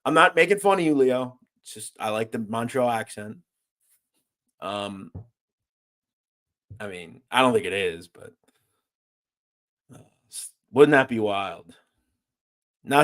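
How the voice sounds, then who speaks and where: A man's voice: mid-range voice, very animated, measured pace, long pauses. A man hosting a casual livestream, reading viewer comments aloud and joking around. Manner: loose, joking, swings from loud to mumbled asides. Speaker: host.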